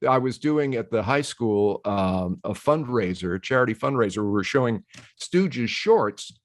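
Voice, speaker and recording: An older man chatting as a guest in an easy, animated way, laughing readily and dropping into quoted voices as he tells his stories. His voice sits at an ordinary pitch and is recorded close and dry, with no room sound around it. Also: moderate pace, no room sound. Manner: animated storyteller who slips into quoted voices; laughs easily. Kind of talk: casual conversation.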